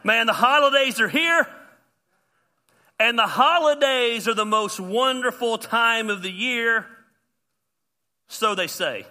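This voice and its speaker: A man, a pastor preaching an animated sermon with self-deprecating humor. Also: very high-pitched, slow, pauses often. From US South.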